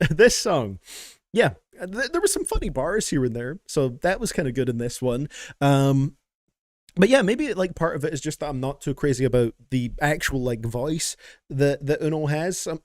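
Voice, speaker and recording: A man's voice: a little high, dry recording, clean studio sound. A man hosting a live stream, reacting to submitted songs in a casual, joking way and chatting with his viewers. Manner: playful and joking, laughs often, chats with viewers. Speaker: streamer reacting to music requests. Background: faint music playing.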